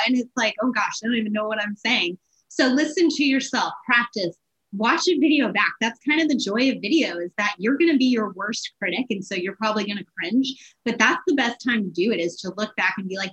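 A woman guest in an interview, giving sales advice in an energetic, animated way with quick bursts. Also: on the high side, dull audio.

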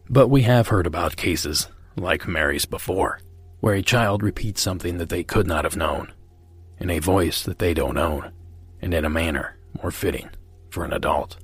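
A man hosting a podcast, introducing callers and reflecting on their stories in a measured, scripted way. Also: low-pitched, slightly rough, dry recording. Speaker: podcast host.

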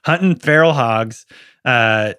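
Easygoing bright-voiced male co-host. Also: mid-range voice, slow pace, clean tone, no echo, studio quality. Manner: easygoing, trailing off with fillers. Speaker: podcast co-host. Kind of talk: casual chat.

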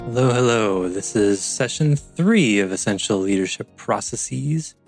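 A man's voice: on the low side, lively intonation, measured pace, soft background music. Rambling male course instructor. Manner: rambling, self-interrupting, playful asides. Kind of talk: online class teaching. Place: video call.

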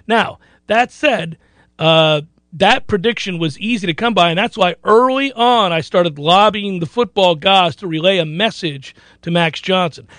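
A man's voice: high-pitched, measured pace, a bit bright, no echo. A man hosting a sports talk radio show, boastful and joking, rambling between bets and news.

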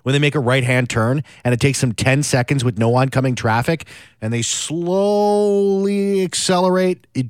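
A man's voice: medium pitch, fairly even intonation, fairly quick, few pauses, dry recording, studio quality. A man on a radio panel ranting in exasperation and laughing at his own complaints. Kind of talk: casual radio panel chat.

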